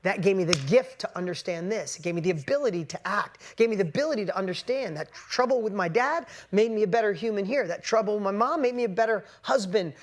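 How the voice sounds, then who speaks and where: A man giving an emphatic motivational talk to a live online audience, often repeating and restarting his words. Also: sits high. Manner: emphatic, repetitive, self-interrupting. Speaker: motivational coach.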